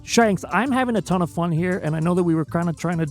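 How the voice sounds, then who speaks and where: A man hosting a casual livestream interview, telling stories in an animated way and laughing often. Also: high voice, fast, soft background music. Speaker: interview host.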